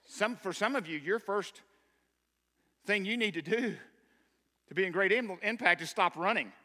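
Man preaching, emphatic, sharp bright voice, echoing sanctuary. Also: sits high, normal speed. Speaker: pastor. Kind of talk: sermon. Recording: long hall reverb.

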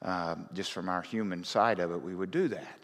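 A man's voice: low voice, moderate pace. Male pastor preaching in a reverberant hall. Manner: conversational, rises to loud fervent reading. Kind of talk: sermon.

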